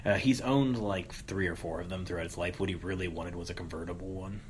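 A man in his thirties hosts a laid-back podcast in a low voice. He banters loosely, jokes and swears freely, and a faint hum of noise sits under the talk. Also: fairly even intonation, a little fast. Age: 30s. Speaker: podcast host. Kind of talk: casual podcast chat.

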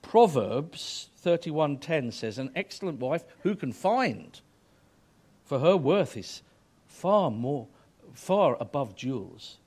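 A man's voice: a little high, big pitch swings, takes it slowly, darkish tone. A middle-aged man preaching a sermon to married couples, earnest and emphatic, rising to fervent exhortation.

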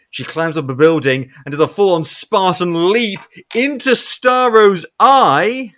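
Young guy gushing about a movie, voice jumps all over, kinda high, swears a lot. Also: unhurried, hardly any pauses. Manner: animated, swears, acts out characters' lines. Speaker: podcast co-host. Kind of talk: casual movie recap chat.

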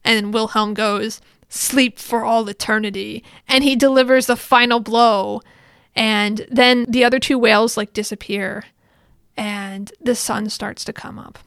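A woman's voice: fairly high pitch, steady tone, unhurried, fairly bright tone, clean tone, no room sound. A woman narrating a casual recap in a chatty way, with sarcastic asides and many fillers, close to the mic. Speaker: anime recap host.

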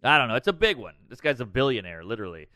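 A man's voice: medium pitch, rapid-fire, no echo. A man, a comedian guest, telling a story in casual, profane podcast talk. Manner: animated, profane.

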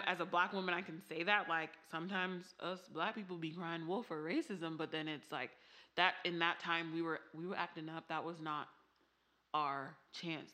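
A woman with family from Haiti, chatting casually and telling animated stories full of "like" and laughter. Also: on the low side. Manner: animated storytelling with frequent "like" and laughter. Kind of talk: casual chat.

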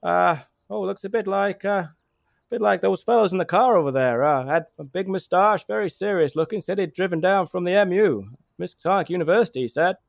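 A man doing a rambling gravelly village gossip. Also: high voice, brisk, dry recording, studio quality. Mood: gossipy. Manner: rambling, stammering, full of restarts. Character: chatty rural man giving directions, gossipy.

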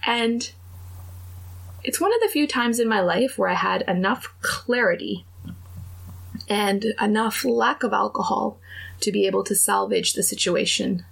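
A woman's voice: mid-range voice, unhurried, gravelly, breathy edge. A young adult woman on a podcast telling a dating story in casual chat, acting out the other people's lines. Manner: animated, acts out quoted dialogue.

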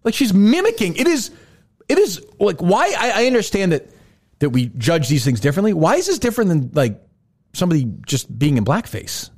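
A man's voice: high-pitched, huge pitch swings, fairly quick, a little mellow. A man hosting a casual comedy podcast, profane and laughing often, slipping into mocking voices. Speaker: podcast host.

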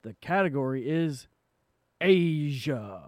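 Male co-host, slightly high voice, playful and giggly, dry close sound. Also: animated, slow, a little mellow, no room sound. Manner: joking, giggly. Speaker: podcast co-host. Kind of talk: casual podcast chat.

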